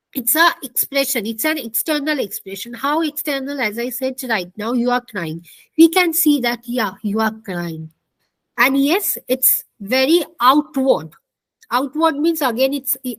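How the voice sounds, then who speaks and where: A woman's voice: sits high, a bit bright, no echo, poor audio. A woman lecturing an online counselling class, explaining step by step, repeating points and asking the class questions. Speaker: counselling instructor.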